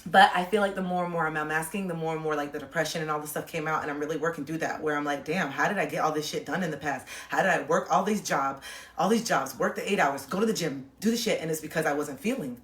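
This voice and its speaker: A woman's voice: low voice, quick pace, fairly bright tone, distant mic. Rambling woman livestreaming in an echoey room. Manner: rambling, frequent "like" fillers, open and confiding. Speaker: livestream host. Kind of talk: casual livestream chat. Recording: echoey room, voice a bit off-mic.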